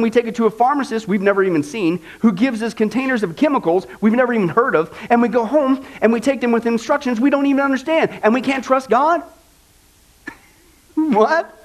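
A man teaching a Bible lesson in an animated, jokey, conversational preaching manner. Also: sits high.

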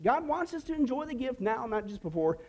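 A man with a high, bright voice leads a Bible class for a room of students. His delivery is playful and full of jokes, and he keeps tossing "okay?" and "right?" back at the class. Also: sing-song, fairly quick. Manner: playful, jokey, with frequent "okay?" asides to the class. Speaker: pastor teaching a discipleship class. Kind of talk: lively Bible class teaching.

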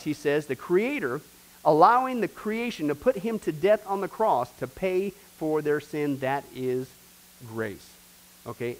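This man's voice sits on the higher side as he instructs a church discipleship group, driving points home with repetition and addressing everyone directly in a preaching manner. The audio is low quality.

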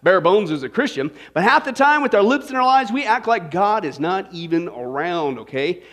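A man's voice: high-pitched, normal speed. A male pastor preaching a Bible study, telling a joke and firing questions at the congregation by name. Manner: animated, quizzes the congregation by name. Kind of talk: sermon with joke.

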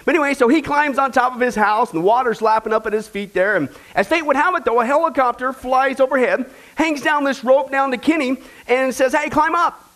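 A pastor preaches a sermon to his church in a loose, joking way. His voice sits very high for a man. He speaks folksy and chatty, calling his listeners folks. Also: a little fast, hardly any pauses, a bit bright. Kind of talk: sermon with a joke.

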